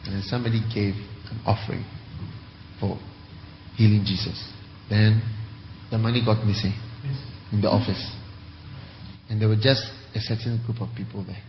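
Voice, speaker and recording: Male preacher, forceful rhetorical sermon, long hall reverb. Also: fairly low pitch, fairly even intonation, moderate pace, long pauses, slight background noise. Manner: emphatic, swings from quiet to loud, rhetorical questions. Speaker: bishop, preacher. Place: large church hall. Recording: echoey hall, muffled.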